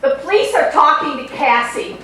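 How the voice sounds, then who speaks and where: A woman's voice: sits high, expressive, normal speed, a bit bright, slight background noise. An actress playing a prim, grandmother-aged woman at a party, exasperated and scolding, in a live stage comedy. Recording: echoey stage sound from a distant mic.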